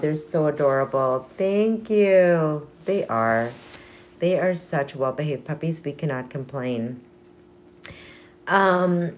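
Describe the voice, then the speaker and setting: A woman's voice: lowish voice, darkish tone. A woman hosting a casual morning livestream from home with her dogs, talking in a hyper, playful put-on accent. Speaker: livestream host.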